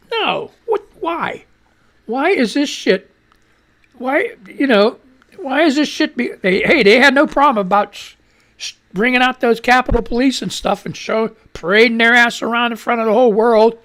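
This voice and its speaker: A man hosting a radio show, reading news headlines aloud and then ranting about them with profanity. He often coughs and clears his throat, and his voice climbs higher when he gets worked up. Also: fairly bright tone.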